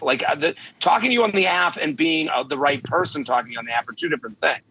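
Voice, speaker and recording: A man talks bluntly and emphatically on a podcast, a comedian handing out dating advice. His voice sits a little high and has a bright, forceful edge. He keeps slipping into the voices of imagined people he quotes. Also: fast, few pauses, husky, rough recording. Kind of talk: podcast chat.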